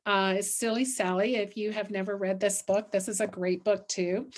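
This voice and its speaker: A woman's voice: mid-range voice, fairly even intonation, moderate pace, hardly any pauses. A middle-aged woman who coordinates literacy work, reading a picture book aloud with questions for listeners and then giving parents tips.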